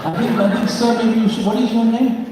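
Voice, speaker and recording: A man's voice: very high voice, fairly even intonation, fairly quick, a crowd in the background. A man hosting the program, polite and teasing as he plays along with a guest. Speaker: host of the program. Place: large hall. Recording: echoey hall from far off.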